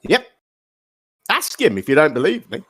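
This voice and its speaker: Insistent, lively-pitched man debating. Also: normal speed, breathy edge, no echo, clean studio sound. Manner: insistent, argumentative, lecturing. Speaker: debater on a live stream. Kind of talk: heated online debate.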